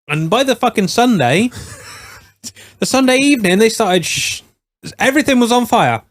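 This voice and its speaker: A man's voice: very high voice, very animated, unhurried, no room sound. A man co-hosting a podcast, laid-back and chipping in short remarks during casual banter. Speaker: podcast co-host.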